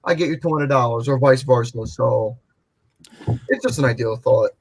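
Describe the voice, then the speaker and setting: A man's voice: mid-range voice, normal speed, creaky. A man hosting a casual group podcast, boasting and joking crudely with friends. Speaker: podcast host.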